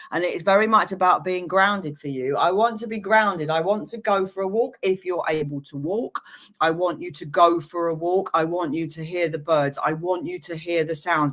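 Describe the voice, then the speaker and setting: A woman working as a psychic medium, giving live-streamed readings to viewers in a gentle, reassuring way with playful asides. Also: lowish voice.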